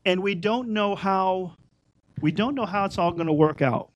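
A man's voice: high voice, moderate pace, poor audio. A middle-aged man giving an informal Torah teaching, talking conversationally and repeating his points for emphasis.

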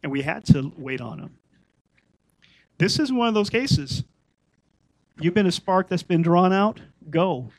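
A man's voice: sits high, expressive, a little slow, long pauses, dry recording, low-quality recording. A middle-aged man giving an informal Torah teaching, talking conversationally and repeating his points for emphasis.

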